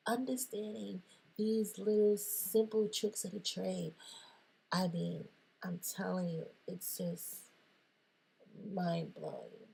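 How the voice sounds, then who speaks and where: A woman speaking straight to her viewers in a playful motivational monologue. Her voice is gravelly and very husky, and she talks slowly and unhurriedly. She is animated and swings between whispers and sudden squeals. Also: mid-range voice. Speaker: motivational vlogger.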